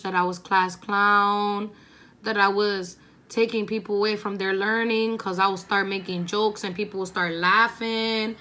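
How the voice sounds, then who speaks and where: A woman's voice: mid-range voice, fairly bright tone. A young woman vlogger who tells a story in a chatty, laid-back way while doing her makeup, swearing freely. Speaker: beauty vlogger.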